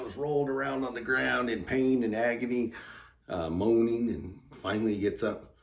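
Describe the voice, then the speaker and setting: A man, the channel's host, telling a joke casually in a halting, rambling way full of fillers. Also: on the low side. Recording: roomy sound from a distant mic.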